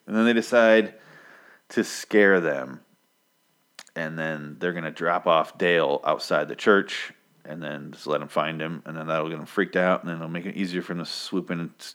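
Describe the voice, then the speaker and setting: A man's voice: low-pitched, fairly even intonation, moderate pace, fairly bright tone. A man casually recapping a comic story in a profane, sarcastic way. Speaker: podcast host recapping a comic. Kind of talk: casual chat.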